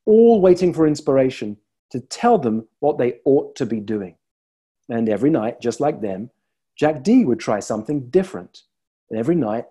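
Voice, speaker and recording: A male coach speaks in a soft, mellow tone with a slightly husky edge. He tells stories slowly and reflectively, leaving deliberate pauses between thoughts. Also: mid-range voice. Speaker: leadership coach. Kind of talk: motivational talk to camera.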